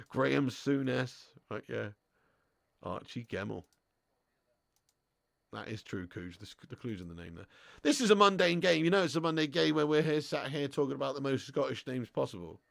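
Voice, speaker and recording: A man's voice: medium pitch, lively intonation, moderate pace, vocal fry, long pauses, no echo, clean studio sound. A young man hosting a live football watch-along, bantering with his chat, swearing and laughing often.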